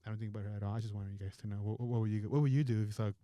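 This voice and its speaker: Fast-talking rambling man. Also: lowish voice, fairly even intonation, dark tone, no echo. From Los Angeles area. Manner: rambling, profane, many restarts. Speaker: podcast co-host. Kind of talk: casual storytelling.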